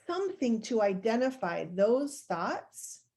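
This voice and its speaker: A woman's voice: fairly high pitch, sing-song, slow, dark tone. A woman life coach giving a conversational, encouraging live-streamed coaching talk, walking viewers through steps and showing gestures as she goes.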